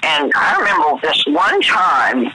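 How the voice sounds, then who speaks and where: A man's voice: a little high, big pitch swings, measured pace, bright, forceful tone, slightly rough, low-quality recording. A man with a Southern accent, a guest actor telling campy, chatty stories in an interview. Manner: chatty, campy storyteller, calls people honey. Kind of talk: anecdotal interview chat.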